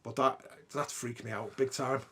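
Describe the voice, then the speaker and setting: A man's voice: medium pitch, fairly even intonation, normal speed, pushed and bright. A man, hosting a podcast and telling a ghost story in a casual, sweary way. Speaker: podcast host.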